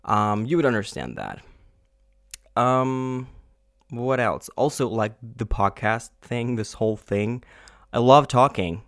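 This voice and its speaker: A man podcasting from home in a rambling, unedited monologue, frustrated and swearing often, with halting pauses and fillers. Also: medium pitch, lively intonation, fairly bright tone, dry recording, clean studio sound.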